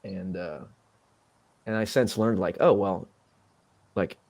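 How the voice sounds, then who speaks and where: A man's voice: low-pitched, takes it slowly, creaky, a little mellow, dry recording. A young man in his twenties hosting a casual podcast, rambling through a story with many fillers and restarts. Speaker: podcast host.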